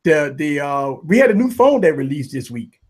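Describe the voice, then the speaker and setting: Male tech livestream host, husky, upbeat and repetitive. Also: a little high, moderate pace. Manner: hype, repetitive shout-outs, animated. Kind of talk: casual livestream chat.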